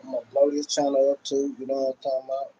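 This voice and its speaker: This livestream host talks very fast in a monotone, his medium-pitched voice sounding dark. He's relaxed and casual at home, constantly addressing his viewers. The recording is muffled, with slight background noise.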